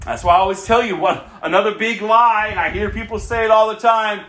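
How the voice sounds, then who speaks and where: A man preaching a sermon emphatically, with rhetorical questions and swings between loud and hushed. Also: high-pitched, steady tone, a little fast, few pauses, reverberant. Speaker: pastor.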